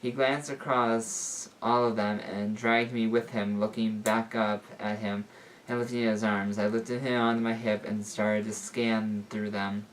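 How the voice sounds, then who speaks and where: A man's voice: fairly low pitch, flat delivery, unhurried, far from the mic, slight background noise. A man reading a homemade story aloud, stumbling and correcting himself as he goes. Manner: unpolished, stumbles and fixes his words. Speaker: story reader. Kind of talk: reading fan fiction aloud.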